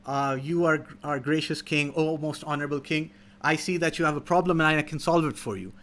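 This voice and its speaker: A man's voice: fairly high pitch, a little fast, a bit bright, lightly acted. A man doing a fawning, scheming fox. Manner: fawning, sly. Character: flattering, scheming male fox.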